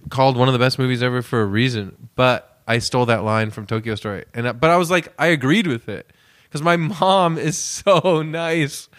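A man's voice: medium pitch, a bit bright. Rambling, joking male podcast co-host. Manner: loose, joking and rambling, laughs often. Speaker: podcast co-host and stand-up comedian. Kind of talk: casual podcast chat.

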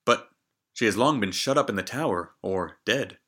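A man's voice: on the low side, expressive, moderate pace, pushed and bright, husky, heavily acted. A man doing a puzzled, questioning young prince. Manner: questioning, archaic speech.

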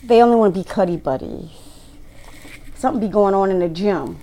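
A woman's voice: mid-range voice, animated, fairly quick, dark tone, slight background noise, low-quality recording. A woman doing a casual tarot reading, talking bluntly to her viewers and swearing freely. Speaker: tarot reader.

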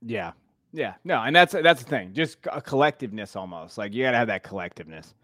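An earnest male teacher talks casually and with animated emphasis. His voice sits in a middle register. The recording is close and dry, with no room sound. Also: medium pitch, fairly quick, dry recording. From Portuguese and Irish heritage. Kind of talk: casual podcast conversation.

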